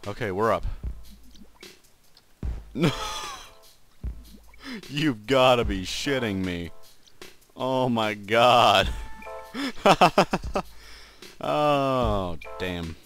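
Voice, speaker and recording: A man doing let's play gaming commentary, excitable and swearing often, yelping when he fails. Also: medium pitch, very slow, pauses often, soft background music. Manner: excitable, swears a lot, yelps at failures.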